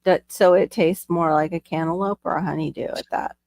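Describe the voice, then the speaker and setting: Gravelly lady host just chatting on a stream, bubbly, dry close sound. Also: on the low side, steady tone, a little fast, darkish tone, dry recording. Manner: chatty, bubbly, laughs easily. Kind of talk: casual chat.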